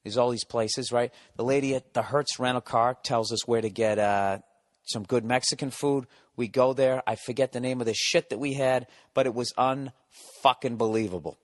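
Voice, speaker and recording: A man's voice: mid-range voice, steady tone, moderate pace, no echo, clean studio sound. A man telling a comic story on his podcast, ranting and swearing as he mocks a nervous friend. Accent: Boston. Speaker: podcast host and comedian. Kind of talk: comedic storytelling monologue.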